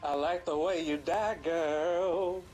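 A man's voice: fairly high pitch, steady tone, slow pace, over loud music. A man co-hosting a let's play, teasing and trash talking playfully. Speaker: gaming channel co-host. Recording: very noisy mic.

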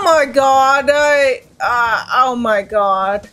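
A woman's voice: high voice, takes it slowly, a bit bright, soft background music. A young woman commentating her gameplay in a casual, anxious way, exclaiming and repeating herself often. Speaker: let's play gamer.

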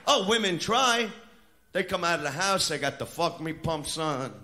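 A man doing a crude stand-up routine in a brash manner, shouting his punchlines. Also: a little high, expressive, moderate pace. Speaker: stand-up comedian. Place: comedy club stage. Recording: live club recording with crowd noise. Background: audience laughter and noise.

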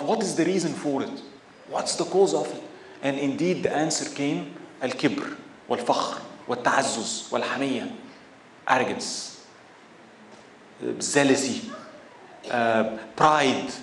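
A man's voice: fairly high pitch, roomy sound, a little hiss or hum. Man giving a storytelling religious lecture. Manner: storytelling, asks the audience questions; mixes Arabic phrases into English. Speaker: sheikh lecturer.

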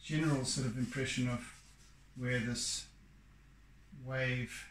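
A man talks himself through a drawing at an unhurried pace, musing and pausing with fillers as he works. His voice sits in the middle of the male range. The sound is roomy, with clear echo from the space around him. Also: mid-range voice, steady tone, fairly bright tone, a little hiss or hum. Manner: musing, halting, with many fillers. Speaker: art teacher. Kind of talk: thinking aloud while drawing.

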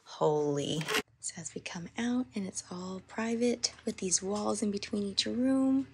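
A woman's voice: medium pitch, measured pace. Bubbly young woman vlogging. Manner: chatty, bubbly, lots of "like". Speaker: travel vlogger. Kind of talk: casual vlog narration. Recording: outdoor vlog with clear background noise.

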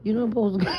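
Slightly high-pitched, a woman from New Orleans in the Southern US records a late-night confessional vlog in bed. She rambles, stammers, speaks emphatically and swears freely. The muffled lo-fi phone sound has slight background noise.

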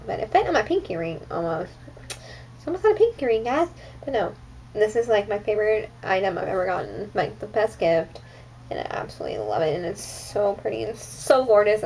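A woman's voice: mid-range voice, a little hiss or hum, rough recording. A young woman vlogging her monthly favorites in a chatty, gushing way, full of "like" and "um". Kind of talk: casual monthly favorites chat.

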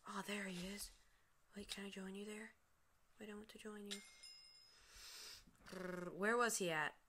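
A woman's voice: mid-range voice, fairly even intonation, measured pace, bright, forceful tone, slight background noise. A woman from the United States giving casual let's-play commentary at her computer, chatty and often dropping into playful murmurs and whispers. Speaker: gaming video host. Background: faint keyboard and mouse clicks.

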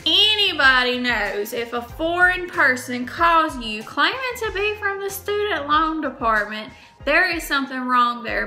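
Bright high-voiced woman vlogging. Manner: emphatic, repeats words for stress. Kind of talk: casual chat to camera.

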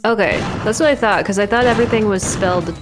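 A woman's voice: mid-range voice, fast. A woman chatting casually on a game stream, playful and full of questions. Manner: playful, giggly, asks questions. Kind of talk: casual chat while playing. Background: game music.

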